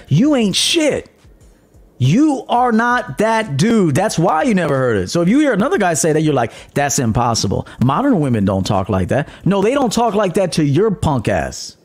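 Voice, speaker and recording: A man hosting his own podcast as a dating coach, talking bluntly and profanely, mocking others and laughing at his own jabs. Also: a little mellow. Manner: mimics commenters in a high mocking voice. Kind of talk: blunt monologue.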